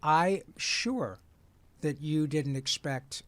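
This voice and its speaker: A man in his sixties from Michigan, a voice actor guest telling lively stories in conversation and slipping into playful character voices. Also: on the high side, drawn-out words. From Michigan, USA. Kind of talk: animated storytelling in conversation.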